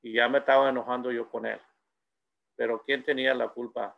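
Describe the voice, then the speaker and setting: A middle-aged school presenter gives a bilingual talk, moving between Spanish and English and sharing anecdotes. His mid-range voice is creaky and fast with a flat delivery, and the highs are cut off.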